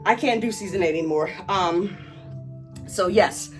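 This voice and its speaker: A woman's voice: fairly low pitch, unhurried, soft background music. A woman vlogger ranting in angry, emphatic commentary, stretching out words for stress.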